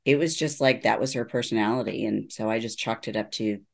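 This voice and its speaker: A woman's voice: very deep voice, brisk, gravelly, a little mellow. A middle-aged woman, a neuropsychologist, giving earnest personal testimony in an interview. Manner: earnest storytelling, acts out quoted voices. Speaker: neuropsychologist guest.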